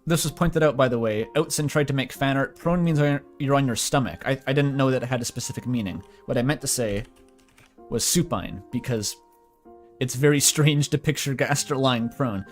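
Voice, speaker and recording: Guy reading a story out loud, casual, joking about himself, soft music behind. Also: mid-range voice, moderate pace. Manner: self-deprecating asides, mild swearing. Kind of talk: casual read-aloud of fan fiction.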